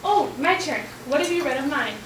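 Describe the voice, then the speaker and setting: A woman's voice: sits high, expressive, a little fast. A woman on stage playing an eccentric male Russian author who hears voices, with a theatrical, wordy, teasing manner. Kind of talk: amateur stage acting. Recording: echoey hall from far off, loud noise.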